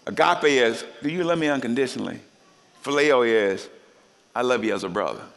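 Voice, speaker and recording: A man preaching a sermon, animated and joking with the congregation, often jumping into high voices to act out quoted people. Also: a little fast, creaky. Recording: long hall reverb.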